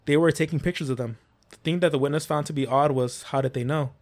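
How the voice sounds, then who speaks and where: A man's voice: fairly high pitch, steady tone, fast, a little mellow. A man hosting a casual podcast, reading paranormal accounts aloud with small slips and restarts.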